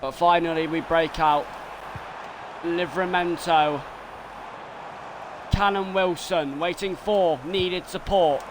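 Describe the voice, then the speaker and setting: A man streaming a football game, commentating live and swinging between muttering and excited shouting. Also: high-pitched, takes it slowly, long pauses, noisy background.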